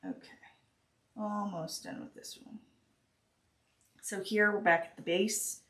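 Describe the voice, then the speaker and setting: A woman teaching a stitching project on a live stream, talking slowly and hesitantly with many pauses and restarts while she works. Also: mid-range voice, fairly even intonation, fairly bright tone. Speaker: craft teacher.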